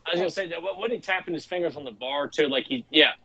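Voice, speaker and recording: A man's voice: a little high, racing, muffled recording, a crowd in the background. A man co-hosting a live stream, joking and bantering eagerly. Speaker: co-host. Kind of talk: casual livestream chat.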